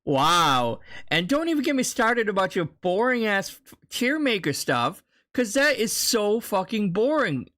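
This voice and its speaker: A man's voice: high-pitched, sing-song, normal speed, few pauses, a bit bright. A man doing casual reaction commentary, mocking and heckling another streamer with lots of swearing.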